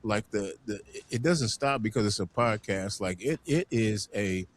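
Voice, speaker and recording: A man hosting a community podcast, talking in an animated, emphatic way and often repeating words as he gets going. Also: on the low side, normal speed, slight background noise. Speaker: podcast host. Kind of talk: casual panel conversation.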